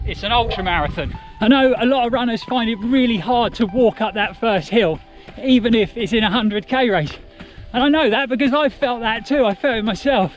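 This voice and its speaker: A man giving casual, encouraging running advice to camera as a vlogger. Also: sits high. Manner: chatty and encouraging. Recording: music playing behind.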